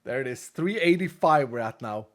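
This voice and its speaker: A man's voice: medium pitch, lively intonation, moderate pace. A man streaming a game, chatting casually with his viewers, reading their messages aloud and laughing often, speaking English with a non-native accent. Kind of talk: casual live-stream chat.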